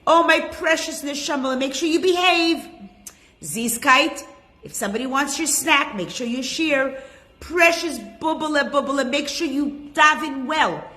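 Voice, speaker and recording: A woman's voice: high-pitched, unhurried, sharp tone, pitched above the performer's own voice. A woman voicing a doting Jewish mother who gushes endearments at her little son in a sing-song way.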